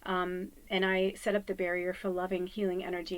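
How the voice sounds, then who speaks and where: A woman's voice: on the low side, little pitch movement, fairly quick, hardly any pauses, rough recording. Rambling, candid woman medium talking at home. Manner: rambling, candid, swears, laughs often. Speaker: psychic medium and card reader. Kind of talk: casual rambling talk to viewers.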